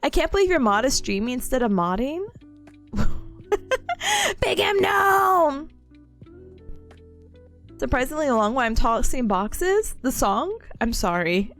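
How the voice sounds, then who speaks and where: A woman's voice: high-pitched, fairly bright tone. A young woman streaming casually, playful and giggly, mocking herself as she chats to her viewers. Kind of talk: casual live-stream chat.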